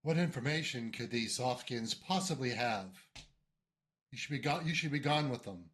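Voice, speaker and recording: A man's voice: mid-range voice, normal speed, a bit bright, breathy edge. A man voicing a menacing male warforged soldier who speaks in a cold, commanding way. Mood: suspicious.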